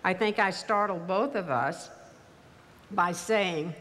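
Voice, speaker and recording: An older woman with a mild Texas accent, giving a commencement speech in a measured, wry storytelling manner. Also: lowish voice, fairly bright tone. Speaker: commencement speaker. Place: large ceremony venue. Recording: reverberant hall, faint ambience.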